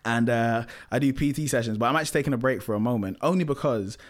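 A young man, a musical theatre actor, chatting in an interview, relaxed and full of fillers and repeats. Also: medium pitch, fast talker. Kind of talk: casual interview chat.

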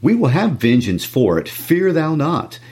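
A man reading the part of a stern, vengeful noble mother in a classroom read-aloud of a play, with a measured, stern delivery. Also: on the high side, big pitch swings, darkish tone, breathy edge, exaggerated voice.

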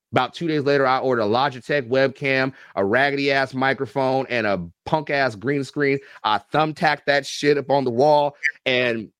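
A man in his thirties or forties tells stories on a podcast, loose and profane, jumping in pitch as he jokes. His voice sits at a middling pitch and is recorded dry, with no room sound. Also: normal speed, clear, resonant tone, dry recording. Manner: animated, profane, joking storyteller. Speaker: guest, football coach and YouTube reactor. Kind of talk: casual podcast interview storytelling.

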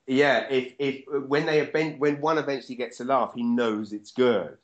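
A man, a stand-up comedian, chatting casually and telling stories with animated energy and the odd swear word. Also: medium pitch, moderate pace. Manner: animated storyteller, swears freely. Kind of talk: casual chat. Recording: dull lo-fi sound.

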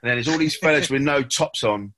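A man telling an animated anecdote in a casual chat. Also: mid-range voice, brisk, slight background noise.

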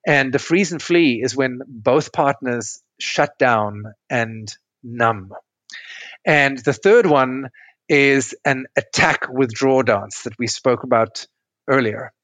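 A man's voice: mid-range voice, takes it slowly, a bit bright, no echo. A middle-aged man, a relationship coach, explaining couple patterns step by step in an interview over a remote call. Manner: explanatory, tells client stories step by step. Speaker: relationship coach and podcast guest.

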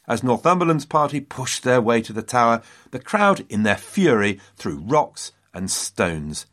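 A man's voice: mid-range voice, very animated, measured pace, hardly any pauses, fairly bright tone. A man hosting a history podcast, telling the story dramatically with wry asides to his listeners.

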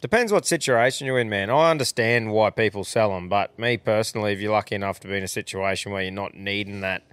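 A man's voice: on the low side, quick pace, few pauses, fairly bright tone, clear, resonant tone, no room sound. An Australian man hosting a podcast, talking in laid-back, swearing slang. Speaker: podcast host. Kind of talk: casual podcast chat.

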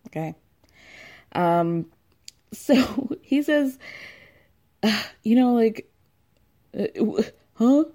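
A woman's voice: fairly high pitch, lively intonation, very slow, long pauses, warm tone. A woman in her thirties recapping a reality show in casual chat, sarcastic and chatty, acting out what people said and laughing often. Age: 30s.

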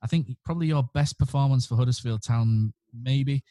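A man's voice: medium pitch, normal speed, warm tone, no echo, studio quality. A man hosting an interview, setting up questions by listing facts methodically. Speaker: interviewer host.

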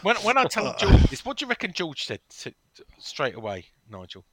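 A man hosting a casual football podcast, telling stories in an animated, defensive way. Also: high voice, a little fast, no echo. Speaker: podcast host.

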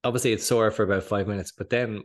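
An Irish man co-hosting a podcast in casual chat, slightly hoarse from a cold, rambling and laughing often. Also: fairly low pitch, fairly even intonation, fast. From Ireland. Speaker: podcast co-host.

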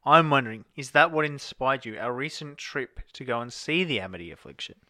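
A man, dry and teasing in a deadpan way as a podcast co-host. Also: mid-range voice, a little fast, no room sound. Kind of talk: casual chat.

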